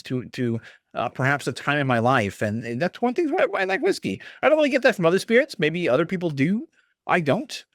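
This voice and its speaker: A man's voice: mid-range voice, dry recording, clean studio sound. A man hosting a podcast, talking casually and rambling with chuckles and fillers while tasting whiskey. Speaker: podcast host.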